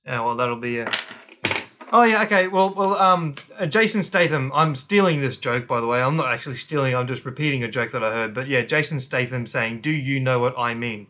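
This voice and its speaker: A man's voice: medium pitch, animated, fairly quick, bright, forceful tone. A man in his thirties with an Australian accent co-hosting a podcast, chatting casually and hesitantly, with many fillers and repeats. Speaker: podcast co-host. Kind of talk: casual chat.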